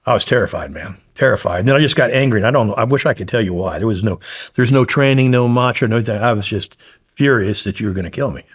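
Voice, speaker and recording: A man's voice: lowish voice, quick pace, breathy edge. A man guest in an interview, blunt and profane, intensely retelling a frightening story.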